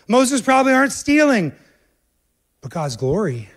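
A male pastor preaching a sermon with emphatic delivery, swinging between hushed low passages and raised, urgent ones as he addresses the congregation directly. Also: big pitch swings, normal speed.

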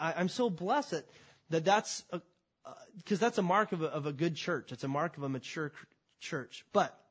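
Husky-voiced man preaching a sermon. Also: high voice. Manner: conversational preaching with many restarts. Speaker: pastor.

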